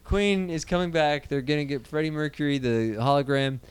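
A man's voice: fairly high pitch, fairly quick, smooth, no echo. A man co-hosting a casual movie news show, rambling and sarcastic, swearing often. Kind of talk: casual profane banter.

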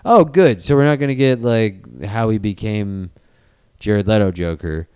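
Animated, sarcastic man with a smooth voice. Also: on the low side, unhurried. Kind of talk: casual profane banter.

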